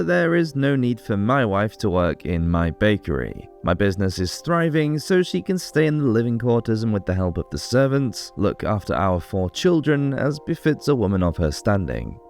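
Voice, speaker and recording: A man reading aloud in his own voice as a prosperous medieval Parisian master baker, calmly telling of his trade with pride. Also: lowish voice. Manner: calm first-person storytelling, proud of his trade.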